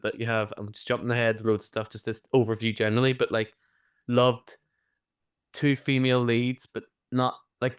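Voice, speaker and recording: A man co-hosting a podcast, talking in an animated, casual way and swearing freely. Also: mid-range voice, clean tone. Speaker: podcast co-host.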